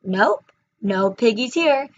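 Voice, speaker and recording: A woman voicing sly little piglets in disguise, in a slow, sing-song way, on a slightly muffled recording. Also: on the high side, lively intonation, a little hiss or hum.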